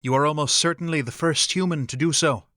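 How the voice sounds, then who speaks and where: A man's voice: on the high side, bright, forceful tone, no echo, studio quality. A man voicing a remote, formal Fae man. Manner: measured, formal delivery. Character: remote, formal male Fae, calm and detached.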